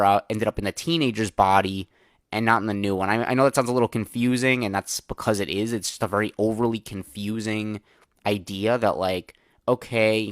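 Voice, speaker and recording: A man's voice: fairly low pitch, fairly bright tone, no room sound, studio quality. A young man hosting a solo movie review podcast, chatting casually with lots of filler words and candid opinions.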